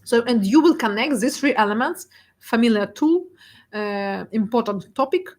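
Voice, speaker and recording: A young woman presents her work in a fairly high voice. She laughs often and speaks emotionally, with plenty of fillers and restarts. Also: animated, moderate pace. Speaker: guest speaker, data artist. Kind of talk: presentation talk.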